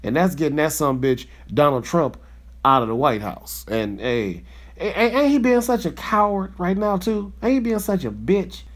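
A man's voice: fairly high pitch, very animated, moderate pace. A man hosting a podcast, ranting in a fired-up, profane, slangy way in a casual monologue. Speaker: podcast host.

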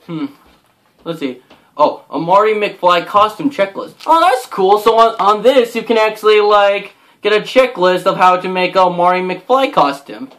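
Excitable young guy unboxing. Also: high voice, moderate pace. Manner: excitable, gushing, lots of "like" and "oh my gosh". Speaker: unboxing vlogger. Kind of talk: casual unboxing commentary.

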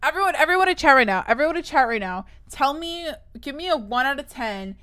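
This young streamer's voice sits high, sharp-toned, expressive and fast. She chats casually with her viewers, rambling and frequently restarting, swearing along the way, her nervous voice cracking.

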